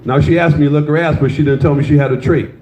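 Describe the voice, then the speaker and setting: An older male comedian tells crude dating stories on stage and ribs the crowd between punchlines. His voice is mellow and relaxed. The live recording sounds roomy and a little muffled, with faint room noise behind him. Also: on the high side, quick pace. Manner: loose, crude storytelling with crowd banter. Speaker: stand-up comedian. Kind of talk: stand-up comedy set. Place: comedy club stage with audience. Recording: slightly dull, roomy live club sound.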